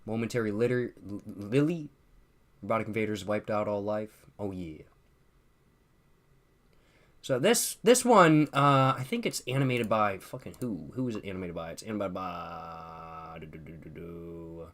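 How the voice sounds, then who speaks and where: This young streamer's voice sits on the low side but sounds fairly bright, and he speaks expressively at normal speed. At home with a drink, he goes through chat comments in a relaxed, foul-mouthed, slangy style, repeating lines and laughing.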